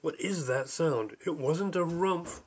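A man voicing a gentle, hesitant talking mountain in an audiobook, fussing and consoling. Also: fairly high pitch, unhurried, husky.

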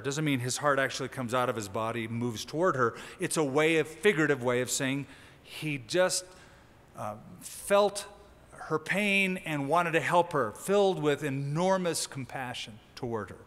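In a church sanctuary, a male pastor whose voice sits a little high and a bit bright for a man delivers a sermon. He teaches conversationally, stressing key words and raising his energy for emphasis, and a long hall reverb surrounds the sound.

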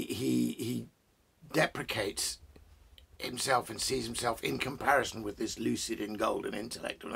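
Gravelly, husky man talking poetry. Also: mid-range voice, a bit bright. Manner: rambling, digressive, many fillers and restarts. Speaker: poet and host. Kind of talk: casual spoken talk on poetry. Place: indoors, at home among bookshelves.

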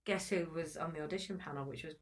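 A woman's voice: low-pitched, fast talker. A woman in her thirties, a guest actress in a casual interview, chatty and laughing as she acts out quotes.

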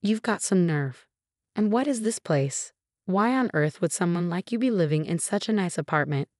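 A woman's voice: lowish voice, expressive, moderate pace, a little mellow, no room sound, clean studio sound, close to an everyday voice. A woman narrator voicing a smug, arrogant younger sister in a scripted story, with a taunting tone. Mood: indignant.

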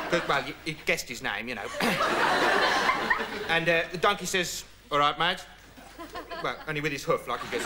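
A young man from the rambling through a dim, deadpan comic monologue, packed with "you know" and "right". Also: on the high side, moderate pace, pauses often, a loud crowd. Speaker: comedy character presenter. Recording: old TV broadcast with loud hiss. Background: studio audience laughter.

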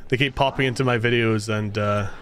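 A man giving let's play commentary over a horror game, sarcastic and ranting, swearing freely and bursting into loud exasperation. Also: on the low side, steady tone, a little fast. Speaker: gaming video creator.

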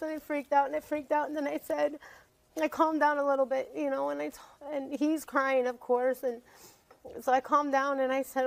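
A woman's voice: high-pitched, level tone, moderate pace, creaky, low-quality recording. A woman appearing as a guest on a talk show, telling her story emotionally and rambling, repeating herself.

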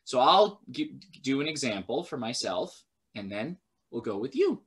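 A young man leading a baby storytime at a library, talking slowly in a sing-song way and breaking into high cheers. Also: sing-song, background noise. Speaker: children's librarian.

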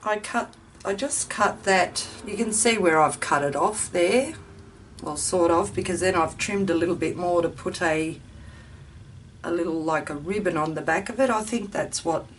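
A woman's voice: fairly low pitch, moderate pace. A woman hosting a craft video, chatting casually and thinking aloud as she works, a little self-deprecating. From Australia. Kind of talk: casual chat while crafting. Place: home craft room with ceiling fan running. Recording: distant mic, faint fan noise.

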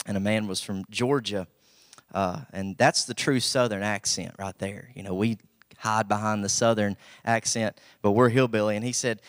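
A man's voice: fairly low pitch, clean tone, no room sound, studio quality. A young man from Southwest Virginia with an Appalachian accent, preaching a folksy, humble sermon that rises to emphatic bursts.

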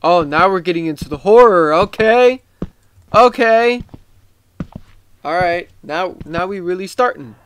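A tired man giving casual, rambling gameplay commentary, excitable and swearing often. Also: sits high, measured pace, pauses often, clear, resonant tone. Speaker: gaming YouTuber.

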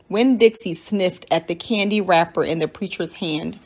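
A teacher reading a children's novel aloud in a steady, clear storytelling manner. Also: female voice, medium pitch, a little slow, few pauses.

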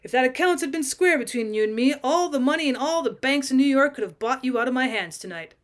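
A quiet, conflicted male detective who talks things through thoughtfully, read aloud by a woman. His voice sits fairly high and stays earnest and measured. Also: expressive.

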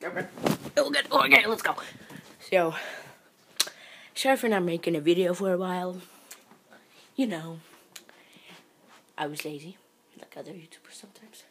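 A woman chatting in a casual selfie vlog from her bedroom, excitable and often dropping into hushed whispered asides, recorded on a phone held at arm's length. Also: on the low side, measured pace, vocal fry, pauses often, slight background noise. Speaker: vlogger. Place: bedroom at home.

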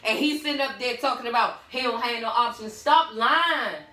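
Speaking at normal speed, a woman with a bright, forceful voice on the high side delivers a sassy, blunt tarot reading, casually chatting and answering back to the cards. Faint music plays in a room with a roomy echo.

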